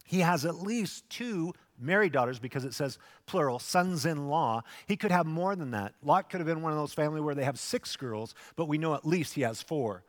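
Animated pastor in a reverberant hall. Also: male voice, fairly high pitch, moderate pace, few pauses. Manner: animated storyteller, acting out voices. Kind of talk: sermon.

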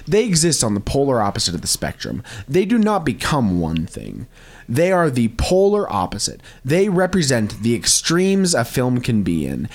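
A man co-hosting a casual movie podcast, making emphatic, mock-grandiose proclamations. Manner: lively pitch swings. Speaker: podcast co-host.

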